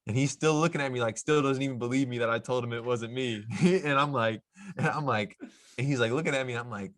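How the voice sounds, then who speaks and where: A man's voice: mid-range voice, brisk, fairly bright tone, no echo. A young man, a pro basketball player, casually telling a story on a podcast in a laid-back, slangy way with lots of fillers.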